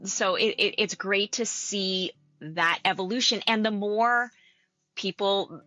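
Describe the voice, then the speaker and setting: A Canadian woman talks through an interview in a lively, chatty way, often laughing. Her voice has a bright, forward ring. Faint music plays quietly beneath her. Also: medium pitch, slow, dull audio. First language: English. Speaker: actor-coach guest. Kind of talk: casual interview conversation.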